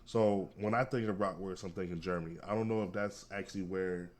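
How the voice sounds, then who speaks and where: A man's voice: deep voice, fairly even intonation, brisk, a crowd in the background. A man co-hosting a casual food podcast, easygoing and rambling, with lots of fillers. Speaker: podcast co-host.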